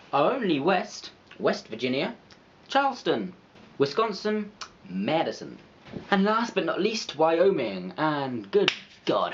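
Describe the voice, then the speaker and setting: A man's voice: medium pitch, muffled recording, slight background noise. A man narrating an educational video with playful, chatty, self-mocking asides. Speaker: video creator.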